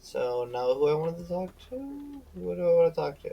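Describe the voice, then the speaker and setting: A man's voice: fairly high pitch, a little fast, gravelly, lo-fi sound, a little hiss or hum. A tired man streaming a game, reading its dialogue aloud with slips and self-corrections, breaking off to chat and yawning.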